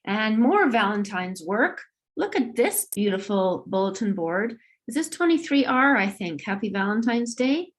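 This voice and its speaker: A woman's voice: mid-range voice, very animated, unhurried. A middle-aged woman on a video call, presenting a school assembly in an upbeat, encouraging way. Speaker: school administrator hosting an assembly.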